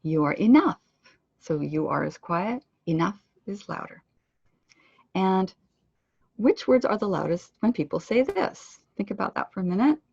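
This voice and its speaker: A woman giving an online pronunciation lesson, speaking clearly and deliberately and slowing down to model words. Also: mid-range voice, expressive, a little mellow, dry recording, highs cut off. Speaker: pronunciation instructor. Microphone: computer microphone on a web conference.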